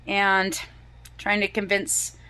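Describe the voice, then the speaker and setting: A woman in her fifties vlogging about her day in a casual, chatty, animated way. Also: medium pitch, slow. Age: 50s.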